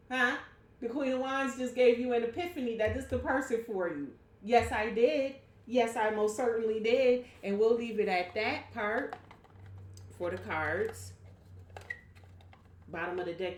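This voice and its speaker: A woman's voice: mid-range voice, slight background noise. A woman giving a casual tarot reading at home, talking straight to her viewers in a blunt, chatty way and swearing freely. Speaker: tarot reader. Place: home room. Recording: echoey room.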